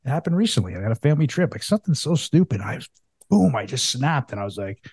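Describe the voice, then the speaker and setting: Candid man swearing freely, mellow dry voice. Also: mid-range voice, big pitch swings, fast, breathy edge, no echo. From United States. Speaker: podcast guest. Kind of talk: casual podcast conversation.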